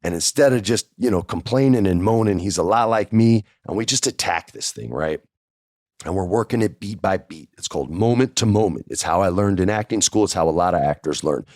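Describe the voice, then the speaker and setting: A man's voice: low voice, animated, brisk, a little mellow, no echo, studio quality. A man hosting a podcast, telling a casual first-person story in a chatty way and acting out the dialogue. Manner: chatty, acts out quoted dialogue. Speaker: podcast host.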